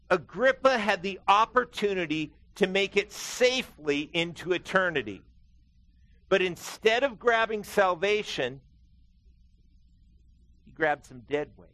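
A middle-aged man preaching a sermon as pastor, telling stories and acting out quotes with lively swings in his voice. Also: slow, pauses often, poor audio. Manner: animated storytelling preacher, acting out quotes with big pitch swings.

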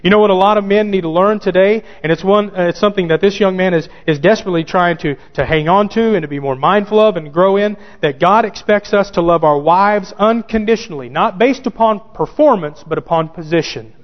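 A man preaching with a fairly high voice, driving his points home by repeating them. He speaks straight to the men in the pews. The recording is dull and rings with long church reverb. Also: brisk, few pauses. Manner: emphatic, repeats key phrases, addresses listeners directly. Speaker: pastor. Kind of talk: sermon.

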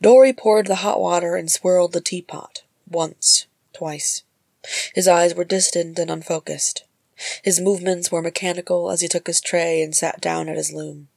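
A woman reading a storybook chapter aloud in a measured, soft narration. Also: lowish voice, fairly even intonation, creaky, no echo. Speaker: audiobook reader.

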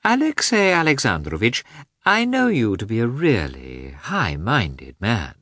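A man reading aloud and voicing an ironic, fashionable society princess, lifting to a high, airy tone. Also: huge pitch swings, unhurried, sharp tone, no room sound, clean studio sound, exaggerated voice. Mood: affable, ironic.

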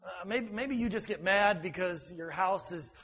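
Pastor dude rambling through a sermon, high-ish voice, long hall echo. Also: male voice, moderate pace, a bit bright, breathy edge. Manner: rambling, conversational. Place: church sanctuary.

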